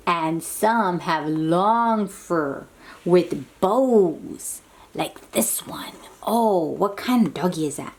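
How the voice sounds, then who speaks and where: A woman reading a picture book aloud to toddlers, animated and sing-song and coaxing, sometimes dropping to soft whispers. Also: medium pitch, slow. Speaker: children's book reader.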